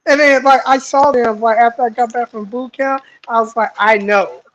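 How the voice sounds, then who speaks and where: A man's voice: very high voice, brisk, muffled recording. A man with a Southern American accent telling a story in casual chat, acting out the voices of the people in it. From Southern United States. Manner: animated, acts out voices in stories. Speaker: guest fighter.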